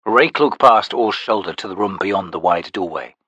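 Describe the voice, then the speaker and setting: A man narrating a fantasy audiobook with expressive storytelling. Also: low voice, moderate pace, breathy edge, no room sound, lo-fi sound.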